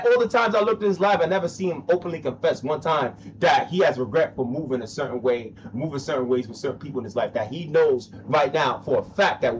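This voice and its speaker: A man's voice: medium pitch, muffled recording, a little hiss or hum. Blunt man ranting on a live stream. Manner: blunt, repetitive, says "bro" often, swears. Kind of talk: casual live-stream rant while gaming.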